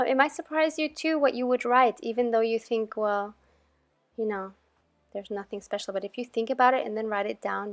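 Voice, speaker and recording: Chatty woman with a higher, dry voice. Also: no echo. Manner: chatty and relaxed, with gentle laughs. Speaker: crafting channel host. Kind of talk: casual tutorial voice-over.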